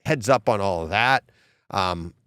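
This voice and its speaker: A man's voice: lowish voice, animated, unhurried, a bit bright, clean tone, no echo. A man with a Boston accent co-hosting a podcast in casual chat, rambling with many restarts and frequent laughs. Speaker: podcast co-host.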